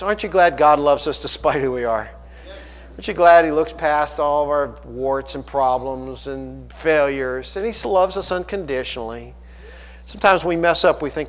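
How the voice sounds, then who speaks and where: A man preaching a sermon, emphatic and swelling into loud appeals, often restarting his phrases. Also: fairly high pitch. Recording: long hall reverb.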